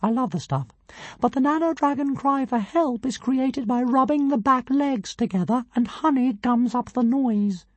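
A woman voicing a tiny, arrogant male dragon who thinks he is a god, with a squeaky, grand and scornful voice. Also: moderate pace, a little mellow, no echo. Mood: pompous. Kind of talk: audiobook character voice.

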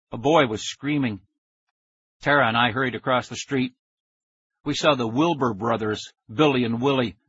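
A man narrating a children's story in the first person with steady storytelling. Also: mid-range voice, breathy edge, no room sound, lo-fi sound. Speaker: audiobook narrator.

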